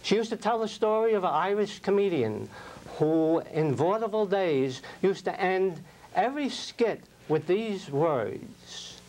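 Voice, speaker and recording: Slow, reflective older man giving a speech. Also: sits high, expressive, darkish tone, low-quality recording. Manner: slow, deliberate, reflective storytelling. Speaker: club speaker. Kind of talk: prepared public speech.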